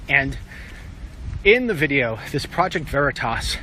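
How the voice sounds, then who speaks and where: A man's voice: medium pitch, big pitch swings, a little slow, bright, forceful tone, slight background noise, low-quality recording. A middle-aged man giving a rambling, emphatic walk-and-talk monologue outdoors as an online commentator. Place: outdoors, walking.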